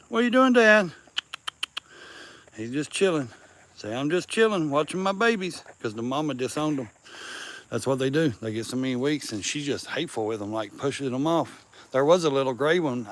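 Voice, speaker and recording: A man chatting casually outdoors, rambling and crude, breaking into baby-talk for the cats around him. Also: mid-range voice. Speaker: vlogger.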